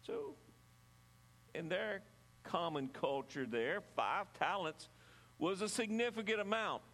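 A man delivers a sermon in a church, reading scripture and then explaining it with earnest, measured emphasis. His voice sits a bit higher than most men's, and he sometimes stumbles and restarts a phrase. A long hall reverb trails behind every line. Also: animated, fairly bright tone. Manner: earnest, measured preaching with some halting restarts. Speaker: pastor.

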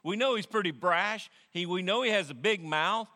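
Male pastor, lively high sermon voice with a bright edge, long reverb from a big church hall. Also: normal speed. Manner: animated, repeats words while thinking.

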